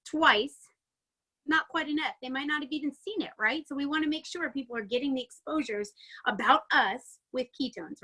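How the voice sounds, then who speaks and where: A woman coaching her sales team in a chatty, excitable motivational talk, a little out of breath, peppering it with "like" and "right?". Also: sits high. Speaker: network marketing team coach. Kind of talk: energetic motivational training talk.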